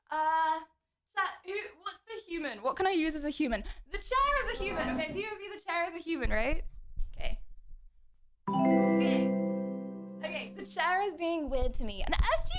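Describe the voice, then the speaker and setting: A young woman streamer with a bright, high voice talks to her chat from her home kitchen. She is bubbly and jokey, and her words come out breathless as she moves about on her feet. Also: normal speed, pauses often, soft background music. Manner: bubbly, excitable, joking with chat. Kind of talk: casual live-stream chat. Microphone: streaming mic, wearing headphones.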